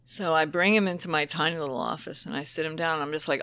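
A woman who trains dementia caregivers, telling stories conversationally, lively and emotional, often laughing as she talks. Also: deep voice, fast talker, hardly any pauses, clean tone, no echo. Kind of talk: conversational storytelling.

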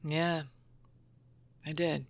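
A woman with a slightly low voice tells stories from her work training dementia caregivers. She is lively and openly emotional and laughs often mid-sentence. The sound is dry and close, with no room echo. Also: drawn-out words. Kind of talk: conversational storytelling.

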